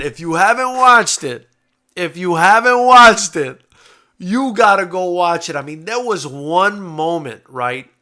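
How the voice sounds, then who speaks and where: Excitable, bright-voiced man talking boxing. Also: a little high. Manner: excitable, swears freely, casual slang. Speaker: boxing show host. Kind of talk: live-stream post-fight reaction chat.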